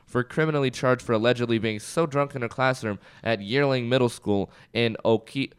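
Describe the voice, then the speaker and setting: A man co-hosting a casual podcast, chatting and joking with his friend. His voice is smooth and clear, sitting at an ordinary pitch. He reads short news items aloud and laughs between them. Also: moderate pace. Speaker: podcast co-host. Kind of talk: casual chat.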